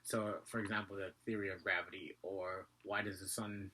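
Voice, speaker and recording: A man's voice: sits low, flat delivery, bright, forceful tone, husky. A man with a slight Asian accent, talking casually to camera in a rambling vlog, often correcting himself. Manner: rambling, self-correcting, talks fast. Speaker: vlogger.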